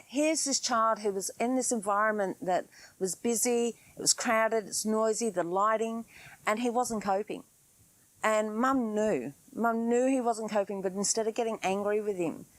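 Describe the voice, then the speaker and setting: A woman's voice: medium pitch, moderate pace, no echo. A middle-aged woman hosting a podcast, telling a personal story in an earnest, conversational way with frequent fillers. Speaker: podcast host. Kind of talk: storytelling monologue.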